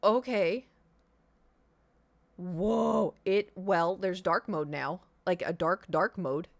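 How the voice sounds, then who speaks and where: A woman in her thirties chatting casually on a live stream, telling a rambling, animated story with restarts and the odd swear word. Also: lowish voice, takes it slowly, gravelly, dry recording. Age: 30s.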